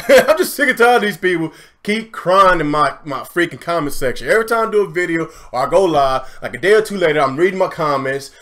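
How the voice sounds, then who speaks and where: A man hosting a gaming live stream, ranting heatedly with lots of swearing and shouting, then calmly greeting viewers. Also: a little high, brisk, few pauses. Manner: heated, profane, often shouting, then calm chatty shout-outs.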